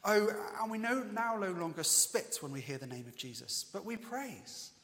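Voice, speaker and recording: A man voicing a pompous male defected spy who is used to respect, talking high and loud in a long church reverb. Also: animated, normal speed. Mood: earnest. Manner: demanding, higher and louder than his preaching.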